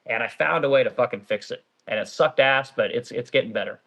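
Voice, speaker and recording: A man's voice: mid-range voice, fast talker, gravelly, a bit bright. A middle-aged man who owns a small business, ranting bluntly and profanely on a casual livestream while reading out viewer comments. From Oregon. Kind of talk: casual live-stream rant reading comments.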